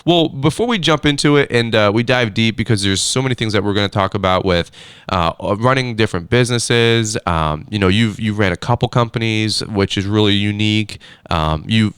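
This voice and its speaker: A man's voice: fairly low pitch, a bit bright, smooth, dry recording, clean studio sound. A man hosting a podcast, chatting casually and upbeat with a guest, with lots of fillers and restarts. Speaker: podcast host. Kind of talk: casual interview chat. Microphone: on a phone call.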